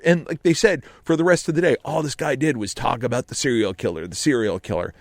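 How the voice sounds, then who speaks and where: A man's voice: medium pitch, fast, few pauses, no room sound. A man telling a comic story in a radio studio, in a theatrical, self-mocking way. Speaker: storyteller guest.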